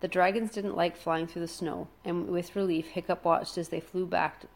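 A woman reading a children's adventure story aloud, dramatic and slowing down for suspense. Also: on the low side, steady tone, creaky. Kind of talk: expressive storybook read-aloud.

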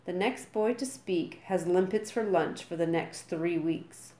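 A woman's voice: fairly low pitch, measured pace, dark tone, echoey room, natural voice. A woman voicing a giant one-eyed Viking man who screams his orders at a group of boys. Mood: bellowing.

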